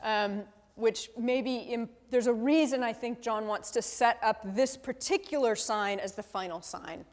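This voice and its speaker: In a hall with long reverb, a woman with a somewhat high voice leads a conversational Bible study. She speaks a little slowly with few pauses, thinking aloud and often asking the group questions capped with "right?"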